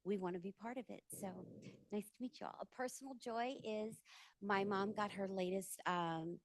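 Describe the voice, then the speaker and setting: A woman's voice: medium pitch, moderate pace, no echo. A woman who manages a research lab, giving an earnest, plain-spoken introduction at a community meeting.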